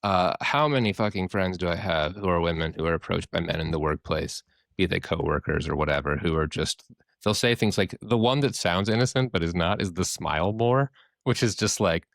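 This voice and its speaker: A podcast co-host, a man with a low voice, talks in a loose, candid ramble and swears freely. He acts out the people in his stories with quick voices of their own. The sound is dry and close. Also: fairly bright tone, dry recording. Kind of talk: casual discussion.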